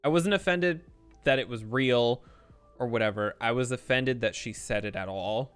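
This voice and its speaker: A man in a heated, rambling rant on a game stream, his voice smooth and resonant. He swears freely and keeps restarting his sentences, with soft music faintly underneath. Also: mid-range voice, fairly even intonation, normal speed.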